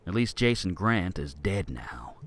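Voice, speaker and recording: An actor playing a grim, weary adult man in game voiceover, with a soft, quiet, flat delivery. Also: deep voice, a little slow, a little hiss or hum. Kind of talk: recorded game voiceover lines.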